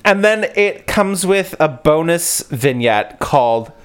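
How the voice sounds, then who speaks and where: A man co-hosting a casual chat podcast, recapping a book in an animated, rambling way full of restarts. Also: fairly high pitch, takes it slowly, clean tone. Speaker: podcast co-host.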